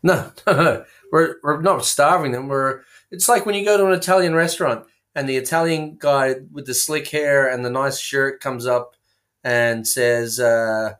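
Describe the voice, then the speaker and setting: A man's voice: mid-range voice, normal speed, a bit bright. A man co-hosting a casual comedy chat, spinning absurd tangents with frequent fillers and restarts, heard over a remote call. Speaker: co-host.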